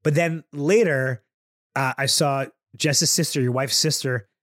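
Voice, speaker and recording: A man's voice: medium pitch, unhurried, no room sound, studio quality. A man in his thirties co-hosting a casual podcast, asking questions and laughing often. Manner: lively, laughs often, asks follow-up questions. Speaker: podcast co-host. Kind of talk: casual chat.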